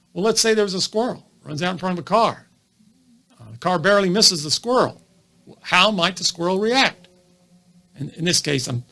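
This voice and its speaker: A man, a physician, giving an animated educational video monologue full of rhetorical questions. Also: fairly high pitch, creaky. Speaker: physician lecturing on comedy.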